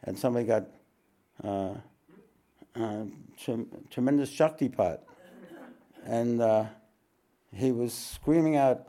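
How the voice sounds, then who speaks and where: A man teaching a spiritual talk to an audience, unhurried, repeating his phrases and often clearing his throat. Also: medium pitch, warm tone.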